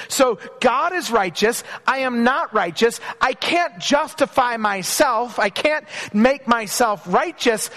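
A man preaching a sermon as pastor, telling a personal story with restarts and slowing down to stress key phrases. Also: very high-pitched, a bit bright. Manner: storytelling with repeated restarts and emphatic slow phrases.

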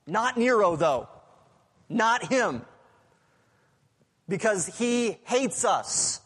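A male pastor preaching a sermon, swinging between loud urgent passages and hushed, near-whispered lines. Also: high voice, lively intonation, very slow, slightly rough. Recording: preaching in a large reverberant hall.

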